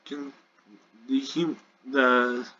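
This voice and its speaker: A man narrating an improvised role-play story, halting and restarting often. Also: mid-range voice, level tone, pushed and bright, dull audio.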